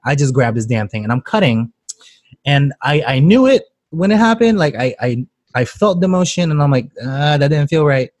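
A man's voice: fairly high pitch, big pitch swings, normal speed, darkish tone, no room sound, clean studio sound. A man who works as a cook, chatting casually on a podcast, swearing freely and laughing often. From Canada. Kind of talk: casual chat.

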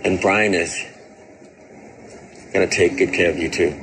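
An actor playing a father saying a halting, tender goodbye to his young son in a TV drama scene. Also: sits low, steady tone, low-quality recording. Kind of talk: TV drama acting. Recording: TV clip with music score behind.

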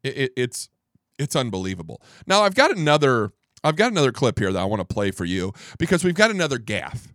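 Animated man doing political commentary. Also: medium pitch, a little fast, dry recording, studio quality. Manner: animated, incredulous, repeats words for emphasis. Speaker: podcast host.

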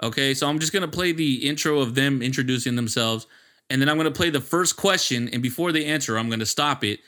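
A man's voice: mid-range voice, fast, pushed and bright. A man hosting a podcast, chatting casually and telling stories with lots of laughter and swearing. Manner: laughing, profane storyteller. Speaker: podcast host. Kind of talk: casual chat.

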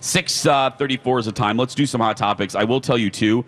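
A man's voice: mid-range voice, a little fast, fairly bright tone. A man co-hosting a live morning radio show from a hotel, chatting and telling stories with frequent laughs. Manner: chatty storyteller, laughs often. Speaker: radio co-host. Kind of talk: casual morning radio chat. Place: hotel lobby broadcast booth.

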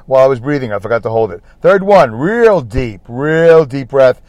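A man's voice: mid-range voice, sing-song, moderate pace, a little mellow, no echo. Brooklyn-accented male podcast host, chatty and self-mocking, in a parked car, dry sound. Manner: chatty, repetitive, self-deprecating. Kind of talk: rambling solo podcast monologue.

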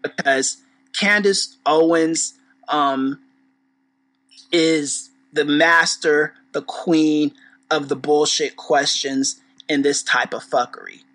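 A podcast host delivering a rambling commentary rant in a bright, sharp voice at an ordinary pitch. The talk is blunt and profane, with sarcastic asides and sudden emphatic bursts. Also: steady tone, slow pace, rough recording. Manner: rambling with restarts.

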